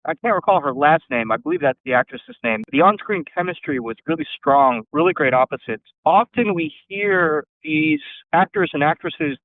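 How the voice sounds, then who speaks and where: A man's voice: on the high side, no room sound. A man from the audience asking a long, rambling question over a video call and searching for his words. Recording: tinny phone-like line.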